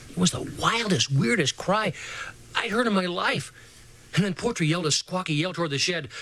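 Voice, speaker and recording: A man narrating a first-person spooky story aloud, slowing down for suspense. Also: high-pitched, lively intonation, bright, forceful tone, rough recording. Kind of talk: storybook reading.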